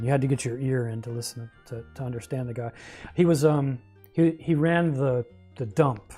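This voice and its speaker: A man hosting a laid-back game livestream, drifting from one story to the next as he talks to chat. His voice is mellow and soft-edged, with a quiet music loop running behind him. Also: mid-range voice. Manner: rambling, storytelling, chatting with viewers. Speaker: streamer. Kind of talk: casual gameplay livestream chat.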